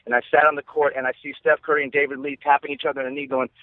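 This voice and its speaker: A forty-year-old man from California's East Bay, a podcast guest telling rambling, excitable stories in casual chat. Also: a little high, rapid-fire. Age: 40s. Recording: tinny phone line, dry.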